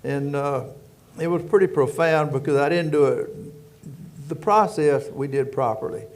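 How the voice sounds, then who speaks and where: An older man with a rural Louisiana Southern drawl, speaking a bit higher than most men. He tells stories in a folksy, rambling manner, often saying "anyway" and chuckling as he goes. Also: normal speed, darkish tone. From Louisiana, United States. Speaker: guest, former prison warden. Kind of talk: storytelling interview.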